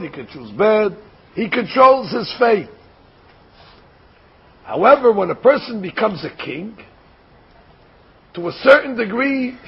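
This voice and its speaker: An older man giving a Torah lecture, speaking in a deliberate, explanatory way and posing rhetorical questions before answering them. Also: high voice, husky. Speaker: Torah teacher. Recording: dull lo-fi recording.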